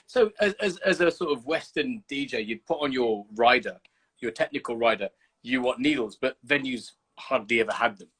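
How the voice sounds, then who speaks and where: Uk guy on a video call, husky bright voice, acting out stories, lots of swearing. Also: mid-range voice, normal speed. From United Kingdom. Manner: animated storyteller, swears freely, acts out scenes. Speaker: host. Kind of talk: casual livestream chat.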